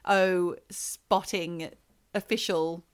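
A woman's voice: lowish voice, steady tone, extremely slow, smooth. A woman co-hosting a podcast, chatting casually with a wry, teasing, curious manner. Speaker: podcast co-host. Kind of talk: casual chat.

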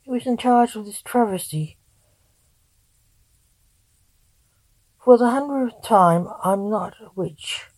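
A woman reading the lines of a male time-traveling doctor who answers his accusers with dry, deadpan retorts. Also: fairly low pitch, moderate pace, poor audio. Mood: exasperated.

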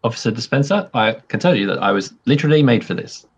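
A man's voice: mid-range voice, animated, fast, slightly rough. A man playing a character in a tabletop game, earnest with dry puns. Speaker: player.

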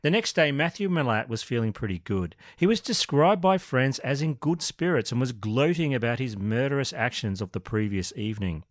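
A man's voice: medium pitch, normal speed, few pauses, dry recording, clean studio sound. Man narrating a true crime podcast. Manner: steady storytelling, light joking. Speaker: podcast co-host.

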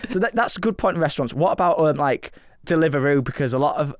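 A young English man co-hosting a podcast, chatting in a jokey, quick way. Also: a little high, animated, no echo, clean studio sound. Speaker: podcast co-host. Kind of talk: casual chat.

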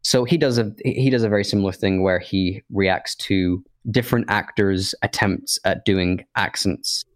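Low-voiced man in rambling podcast chat. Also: moderate pace, few pauses, no room sound, clean studio sound. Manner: rambling, thinks aloud with many restarts and fillers. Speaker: podcast co-host. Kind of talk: casual chat.

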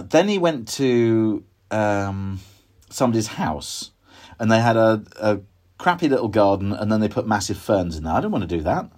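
A man's voice: fairly low pitch, darkish tone, dry recording, studio quality. Chatty man touring his garden. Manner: chatty, wry, self-deprecating asides. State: slightly out of breath. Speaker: podcast host. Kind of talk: casual gardening walk-through. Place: outdoors in a garden.

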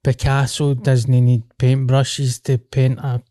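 A man's voice: medium pitch, monotone, takes it slowly, dark tone, dry recording, studio quality. A man with a Glaswegian Scottish accent hosting a podcast, chatting casually in sweary, laughing banter. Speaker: podcast host. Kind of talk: casual chat.

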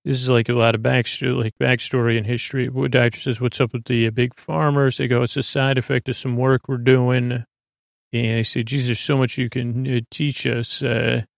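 Gravelly man in a halting sleepy recap. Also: mid-range voice, level tone, no room sound, studio quality. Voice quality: gravelly, hesitant with many fillers. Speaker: podcast host recapping an episode.

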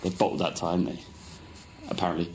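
A man's voice: sits low, little pitch movement, quick pace, a little mellow, a little hiss or hum. A man co-hosting a football podcast in casual chat, blunt and opinionated with mock outrage. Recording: echoey room.

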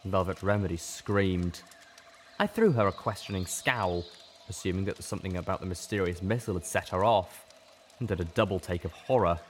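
A man narrating a first-person fan fiction story in a steady, measured way. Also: low voice, slight background noise. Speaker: audiobook reader.

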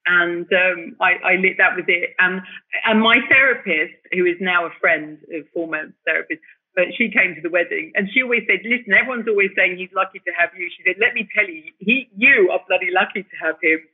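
A woman telling her story as an interview guest, animated and emotional, often restarting her sentences. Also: on the low side, fairly quick, breathy edge. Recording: tinny phone-like line.

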